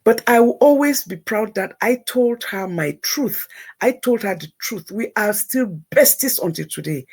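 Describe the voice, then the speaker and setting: A woman's voice: mid-range voice, a little mellow, husky. A woman telling a personal story on a talk show, emphatic and repeating words for effect.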